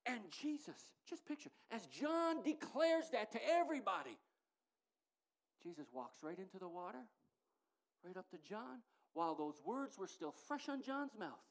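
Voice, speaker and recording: A middle-aged woman delivers a sermon, her pitch swinging widely as she presses her points. She talks emphatically and climbs to loud, ringing declarations, then drops back to earnest, close talk. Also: sing-song, moderate pace. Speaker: preacher.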